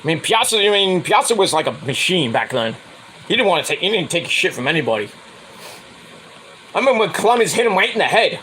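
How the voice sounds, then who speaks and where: A man's voice: high voice, very animated, fast, pushed and bright, a little hiss or hum, low-quality recording. A man hosting his own stream, ranting in a profane, heated, rambling way about sports. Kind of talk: casual sports rant.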